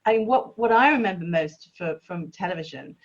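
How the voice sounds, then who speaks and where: A woman's voice: lowish voice, expressive, brisk, lo-fi sound. A woman in her fifties, chatting enthusiastically about old films as a podcast co-host and laughing easily. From England. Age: 50s. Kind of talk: casual chat about films.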